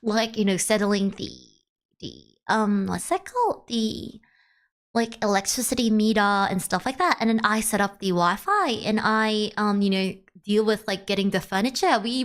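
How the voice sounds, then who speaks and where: A woman streamer telling a long story to her chat in a rambling, animated way, with lots of "like" and restarts. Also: medium pitch, normal speed. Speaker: VTuber streamer.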